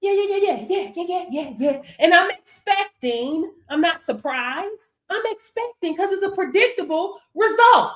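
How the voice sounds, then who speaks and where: A woman with a high, bright-pitched voice delivers a motivational faith talk in a preacher-like style. She speaks emphatically, repeats her affirmations in a rhythmic chant and punctuates them with call-outs to her audience. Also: expressive, moderate pace, few pauses. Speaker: business coach.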